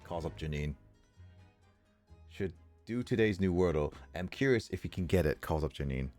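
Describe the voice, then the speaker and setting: A man's voice: low voice, normal speed, soft background music. A man streaming a video game, chatting casually and jokingly as he reads the dialogue. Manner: animated, jokey, reads dialogue aloud. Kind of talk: casual gameplay commentary.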